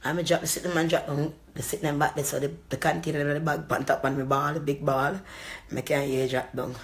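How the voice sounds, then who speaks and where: A woman's voice: low-pitched, flat delivery, brisk. Woman with a Jamaican accent, ranting. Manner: heated, profane, venting. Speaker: vlogger. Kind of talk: angry storytelling rant.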